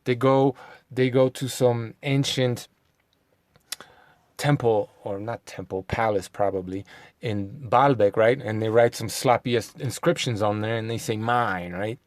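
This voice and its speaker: A man's voice: medium pitch, fairly even intonation, measured pace, dry recording. Sarcastic man firing off rhetorical questions. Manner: swears, mutters asides. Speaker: video host. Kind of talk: casual monologue to camera.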